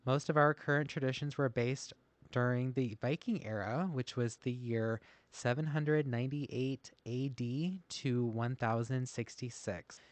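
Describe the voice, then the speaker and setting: A man co-hosts a casual podcast, reading notes aloud and laughing at himself often in a self-deprecating way. His medium-pitched voice is steady and unhurried, and the recording has no echo, though his microphone is masked.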